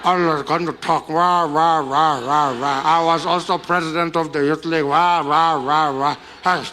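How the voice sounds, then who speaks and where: A man's voice: a little high, noisy background, close to an everyday voice. A man doing a chuckling 91-year-old statesman. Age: 90s. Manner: slow, chuckling, teasing.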